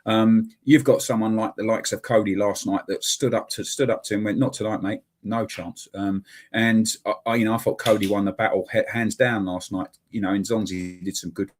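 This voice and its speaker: A man with a husky, rather low voice chats casually on a football podcast. He stresses his points and often repeats them. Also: fairly even intonation, fairly quick. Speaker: podcast co-host.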